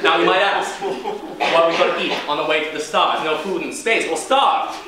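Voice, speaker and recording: A man playing a brash, self-assured inventor pitching a wacky product in a comic stage monologue, with punchy, cocky sales patter. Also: moderate pace, a loud crowd, close to an everyday voice. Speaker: spoof talk presenter. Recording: very echoey, distant, noisy.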